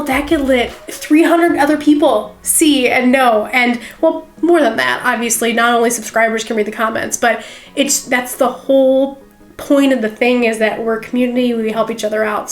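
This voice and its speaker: A woman's voice: a little high, echoey room. A woman vlogging a resin craft tutorial in her home craft room, chatty and playful, full of rambling asides. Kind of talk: casual crafting tutorial chat.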